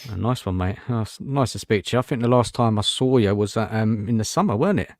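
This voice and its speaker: A man's voice: lowish voice, animated, fast talker, no room sound. A man hosting a casual football fan live show, chatty and greeting viewers, saying "mate" often. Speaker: host.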